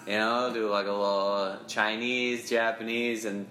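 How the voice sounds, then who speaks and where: Guy in his 30s, comedian guest, blunt and jokey, lowish voice, echoey room. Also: level tone, unhurried, sharp tone, slight background noise. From Ohio, USA. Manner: candid, joking, blunt. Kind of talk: casual podcast conversation.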